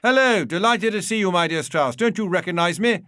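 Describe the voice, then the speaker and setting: A man reading a memoir aloud and voicing an effusive, pushy bogus Viennese gentleman. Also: a little fast, no echo, studio quality. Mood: gushing. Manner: gushing, insistent, higher pitched. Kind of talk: audiobook reading.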